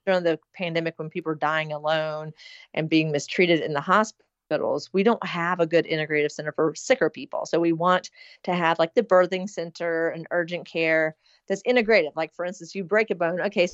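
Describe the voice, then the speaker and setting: A woman's voice: deep voice, steady tone, brisk, dry recording. A middle-aged woman speaking as an interview guest in casual talk, earnest and rambling, with many fillers. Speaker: interview guest planning a hospital. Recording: dull lo-fi sound.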